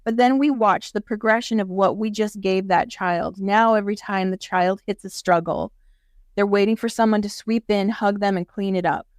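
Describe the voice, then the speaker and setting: A woman's voice: medium pitch, fairly even intonation, moderate pace, no room sound, clean studio sound. A woman speaking as an interview guest, earnest and explanatory as she talks through spiritual ideas. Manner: earnest, explanatory, acts out quoted voices. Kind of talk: casual interview chat.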